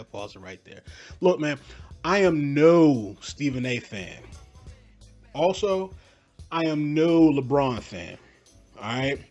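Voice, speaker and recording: A man hosting a podcast, pausing clips to react in casual, slangy talk and pressing rhetorical questions again and again. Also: mid-range voice, a little mellow, highs cut off. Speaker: podcast host.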